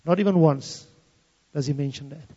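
Speaking at a moderate pace, a man with a slightly high, mellow voice and a breathy edge gives a testimony, switching between English and Afrikaans. He is from the Free State, a native Afrikaans speaker with an Afrikaans South African accent. The audio is dull and lo-fi, recorded in a reverberant hall.

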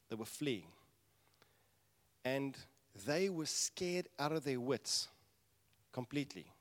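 A man preaching a sermon, telling the story animatedly and acting out voices with sudden loud bursts. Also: medium pitch. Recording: long reverb of a large hall.

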